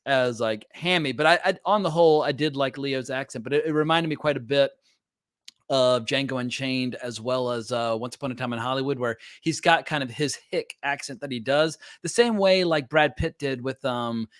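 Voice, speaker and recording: A man's voice: medium pitch, normal speed, dry recording, studio quality. A man hosting a casual film discussion, opinionated, asking questions and breaking off to restart sentences. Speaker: film podcast host.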